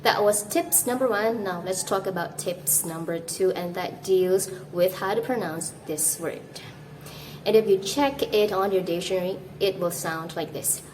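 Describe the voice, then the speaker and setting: Slow, careful Indonesian woman teaching English. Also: fairly low pitch, a little hiss or hum, rough recording. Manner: slow, careful, demonstrates pronunciations. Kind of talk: scripted English lesson to camera.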